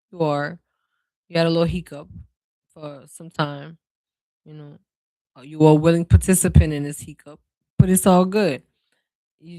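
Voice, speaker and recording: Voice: medium pitch, creaky, no echo. Reassuring tarot reader with a New Orleans accent. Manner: reassuring, speaks straight to the viewer; relaxed, drawn-out phrasing with many fillers. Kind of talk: casual spiritual card reading.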